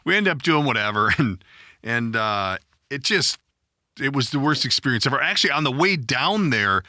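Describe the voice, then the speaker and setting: Middle-aged male podcast host, profane self-deprecating storyteller, bright tone, dry booth. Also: mid-range voice, sing-song, moderate pace, no echo. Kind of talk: casual storytelling chat.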